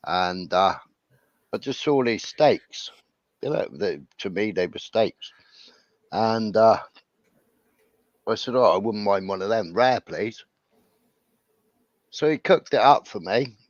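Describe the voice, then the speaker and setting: Low-voiced man telling a rambling story. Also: no room sound. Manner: rambling, repeats himself, says "right?" and "you know". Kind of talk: casual storytelling. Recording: dull lo-fi sound.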